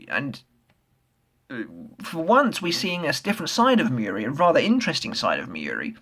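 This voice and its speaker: An excitable man talks through a comic chapter in a casual review. His voice sits a little higher than most men's, and he swears freely while filling his pauses with ums. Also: husky. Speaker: manga reviewer.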